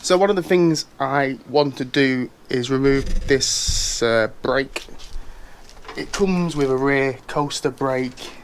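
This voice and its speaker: A man's voice: mid-range voice, slow pace, slight background noise. A British man presenting a casual how-to vlog as a bike reviewer, chatty and wry, with jokey asides.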